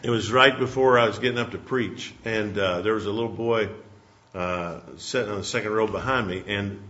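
A male pastor delivers a sermon in a folksy, storytelling manner. His voice sits fairly low but has a bright, forceful edge. The recording sounds dull and lo-fi. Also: normal speed, slight background noise. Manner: folksy storytelling, ends in prayer.

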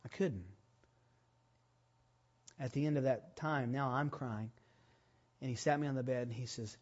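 A man preaching a sermon, telling a personal story and rising to loud, emphatic preaching. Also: mid-range voice, normal speed, pauses often, breathy edge, muffled recording. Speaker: pastor.

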